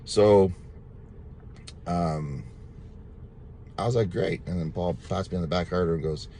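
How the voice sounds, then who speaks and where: A man's voice: sits low, a little slow, long pauses, dark tone, a little hiss or hum. A man casually telling viewers a rambling, repetitive personal testimony, full of thanks to God. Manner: religious, thankful. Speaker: storyteller sharing a testimony.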